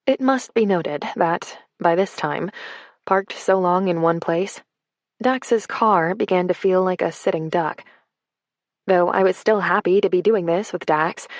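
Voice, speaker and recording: A woman's voice: on the low side, dry recording. A woman narrating a romance audiobook in the first person, in a wry storytelling manner on a close mic.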